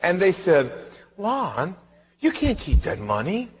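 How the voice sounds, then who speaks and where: A man's voice: sits high, slow pace. A male pastor, preaching a sermon and acting out the dialogue of his stories with animation. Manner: animated storytelling, acts out dialogue. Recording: reverberant hall.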